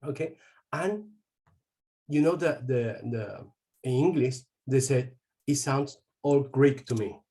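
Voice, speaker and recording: Man, webinar trainer, halting delivery with restarts, video call audio. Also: medium pitch, mellow. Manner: halting, many fillers and restarts. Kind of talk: interactive online presentation.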